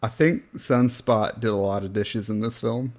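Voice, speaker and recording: A man's voice: lowish voice, steady tone, moderate pace, a little mellow. A man co-hosting a podcast in casual chat, wry and self-deprecating, often trailing off into a laugh. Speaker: podcast co-host.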